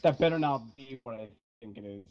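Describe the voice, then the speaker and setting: A man's voice: mid-range voice, expressive, fairly quick, highs cut off. A young man in casual gaming voice chat, incredulous and swearing, with theatrical outbursts. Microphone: gaming headset.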